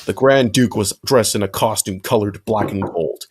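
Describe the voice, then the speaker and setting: A man's voice: lowish voice, moderate pace, a little hiss or hum. A man narrating a fanfic aloud with friends, in a casual reading with occasional slips.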